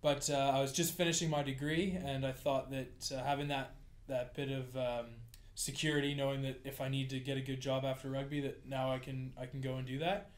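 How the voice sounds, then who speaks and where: A Canadian man chatting as a podcast guest, relaxed and self-deprecating, often chuckling. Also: mid-range voice, a little fast, few pauses. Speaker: podcast guest, rugby player. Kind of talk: casual chat. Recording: roomy echo.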